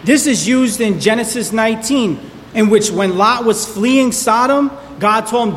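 Male pastor, emphatic sermon delivery, high voice, hall reverb, faint background hiss. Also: normal speed, a bit bright. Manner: emphatic, repeats key words for stress.

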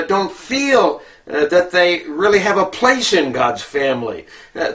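Slow, halting preacher man, distant mic. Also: a little high, a bit bright. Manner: slow, halting, many filler "uh"s. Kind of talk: Bible teaching sermon.

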